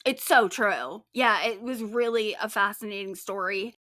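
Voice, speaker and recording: A woman's voice: medium pitch, unhurried, pushed and bright, dry recording, studio quality. A woman co-hosting a true-crime podcast, telling the case in upbeat, chatty style with casual swearing. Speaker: podcast co-host and case writer.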